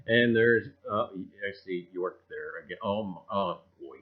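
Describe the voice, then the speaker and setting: A man hosting a casual livestream, rambling and greeting viewers by name with loud cheerful bursts. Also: low voice, a little slow, hardly any pauses. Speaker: livestream host. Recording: dull lo-fi stream audio.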